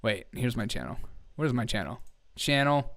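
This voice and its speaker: Guy hosting a comedy news stream, smooth clear voice, sarcastic, keeps cracking up at clips. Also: mid-range voice, animated, normal speed, a bit bright. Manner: sarcastic, laughing often, talking to chat. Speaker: host of a live comedy news show. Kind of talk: casual mocking commentary over clips.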